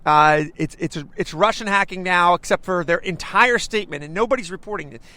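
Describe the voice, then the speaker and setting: A man's voice: high-pitched, brisk, pushed and bright, no room sound. A man hosting a talk show, delivering an emphatic, ranting political commentary monologue full of stumbling restarts.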